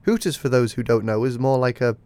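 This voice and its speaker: A man co-hosting a podcast in a loose, chatty way. He teases his partner and laughs easily. His voice sits at an everyday middle pitch. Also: expressive, brisk, a little mellow, dry recording. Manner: teasing, chatty, laughs often. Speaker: podcast co-host. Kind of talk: casual chat.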